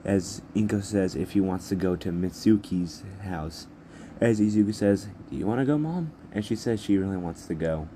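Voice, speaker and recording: A man's voice: deep voice, fairly even intonation, normal speed, mellow, a little hiss or hum. A man narrating an improvised fan story in a rambling, repetitive way with many restarts.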